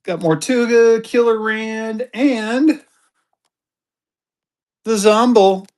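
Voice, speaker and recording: A man's voice: high-pitched, extremely slow, darkish tone. A man hosting a live-stream currency auction, greeting viewers by name and urging them to bid. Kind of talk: live-stream selling chat.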